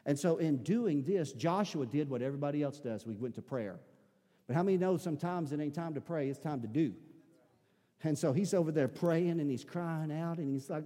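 Man, preacher, mellow tone, long hall echo, dramatic storytelling. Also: brisk. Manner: storytelling, swings between loud emphasis and hushed low tones. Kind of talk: sermon. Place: church sanctuary.

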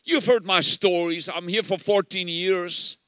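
An older male pastor preaching with a high, bright voice. His tone is clear and smooth, recorded dry and close. He presses his points hard and repeats words for stress. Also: fairly even intonation, measured pace, no echo. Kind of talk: sermon.

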